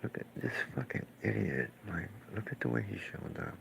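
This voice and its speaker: A man's voice: low voice, huge pitch swings, moderate pace, creaky, a bit bright, a little hiss or hum, rough recording. A man who paints, ranting in casual, profane, scornful commentary while reacting to clips.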